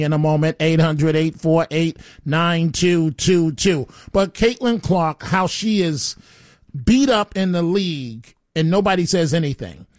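A man's voice: a little high, a little mellow, dry recording, clean studio sound. A man hosting a call-in talk radio show, rambling and opinionated, often stammering as he restarts his sentences.

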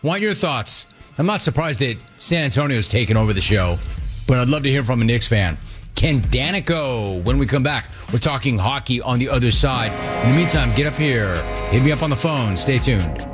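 Animated sports radio host, lively pitch. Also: male voice, brisk, over music. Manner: animated, mocking, repetitive emphasis.

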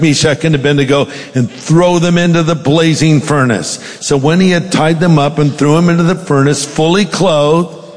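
A man's voice: on the high side, big-room sound. A male pastor preaching a sermon, reading scripture aloud with dramatic emphasis and then speaking directly to the congregation.

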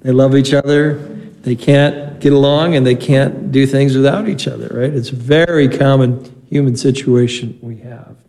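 A man's voice: medium pitch, steady tone, normal speed, dark tone, poor audio. A man, a priest, reading the Gospel and giving a conversational homily with stories in a church. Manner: conversational preaching with anecdotes. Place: church or chapel.

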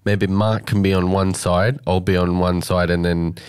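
A man's voice: low-pitched, flat delivery, normal speed, a little mellow, smooth. A man hosting a radio show, playful and joking as he asks questions. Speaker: radio host. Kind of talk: casual radio banter.

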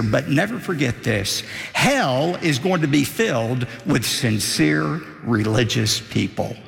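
An older man, a pastor, preaching a sermon with emphatic rises and drops in a gravelly voice. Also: on the high side, fairly bright tone, roomy sound, big-room sound.

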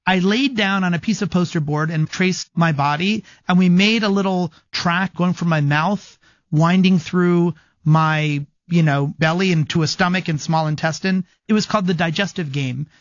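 A man's voice: high-pitched, moderate pace, no room sound, dull audio. A man, a game design professor, speaking thoughtfully and articulately in an interview. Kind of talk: interview conversation.

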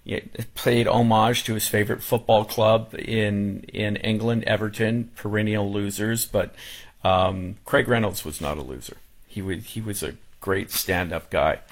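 A man on a radio talk show, speaking casually with many restarts and fillers, emotional as he recalls a funeral. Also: fairly low pitch.

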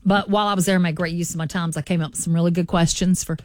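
A woman with a Southern accent, a radio morning show co-host telling an animated travel story to listeners. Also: on the low side, racing, dry recording, clean studio sound. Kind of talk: casual storytelling chat.

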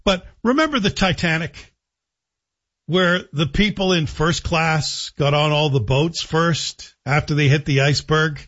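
A man's voice: on the high side, unhurried, a bit bright. A man hosting a talk radio show, giving opinionated commentary with sarcastic, joking asides. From Canada. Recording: dull lo-fi broadcast audio.

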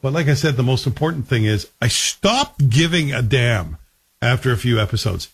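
A man's voice: mid-range voice, big pitch swings, moderate pace, breathy edge. A man casually reviewing a TV series, chatty and wry, asking the listener questions as he goes.

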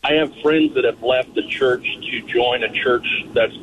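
A man's voice: mid-range voice, unhurried, lo-fi sound, noisy background. A man calling in to a radio show, explaining his question hesitantly. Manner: hesitant, searching for words. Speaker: caller. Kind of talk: phone-in question.

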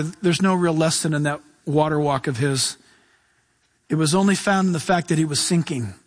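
A man preaching a sermon as pastor, animated, acting out voices and shouting at times. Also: sits high. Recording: long hall reverb.

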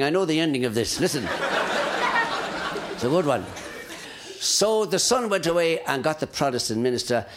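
A man telling stand-up jokes, chuckling at his own lines and chatting to the audience. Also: on the high side. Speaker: comedian.

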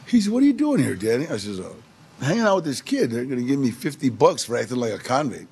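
A man's voice: medium pitch, sing-song, quick pace, creaky, a little mellow, breathy edge. A man with a streetwise, emphatic way of talking, casually telling a personal recovery story. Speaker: storyteller guest.

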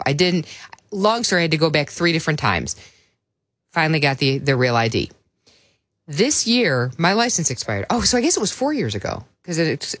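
Radio lady on the morning show, bit low voice, chatty storyteller, dry close studio mic. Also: dry recording. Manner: chatty, storytelling, laughs easily. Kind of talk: casual radio chat. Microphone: studio microphone.

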